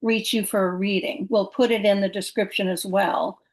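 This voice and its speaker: Female podcast host, friendly, brief questions, mid-pitched voice. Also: fairly even intonation, moderate pace, poor audio. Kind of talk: casual interview.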